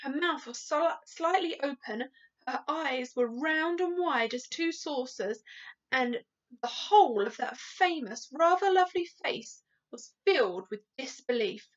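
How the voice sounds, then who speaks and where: A woman teacher reading a story aloud to children, pausing to ask the class questions. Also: sits high. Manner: slow, lively, asks the class questions. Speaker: primary school teacher. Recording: dull lo-fi recording.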